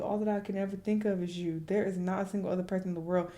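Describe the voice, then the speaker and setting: A woman hosting a reaction video, reading messages aloud and breaking into loud, incredulous remarks. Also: medium pitch, steady tone, racing. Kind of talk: casual reaction commentary.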